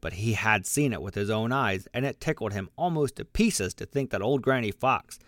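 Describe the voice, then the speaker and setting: A man narrating a children's storybook aloud, lively and expressive, giving the animals their own voices. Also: fairly low pitch, moderate pace, dry recording. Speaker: audiobook narrator.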